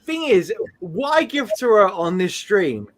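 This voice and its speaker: A man hosting a live stream, telling rambling, animated stories with frequent laughs. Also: high voice, a little slow, very noisy. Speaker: streamer host. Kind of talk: casual live-stream chat.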